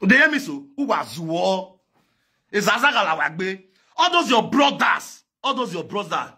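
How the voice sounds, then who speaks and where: A man with a Nigerian Pidgin accent, delivering a loud comic rant in chanted, repetitive call-outs. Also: high voice, big pitch swings, moderate pace, breathy edge. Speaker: online comedian. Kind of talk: singing and shouting comic rant.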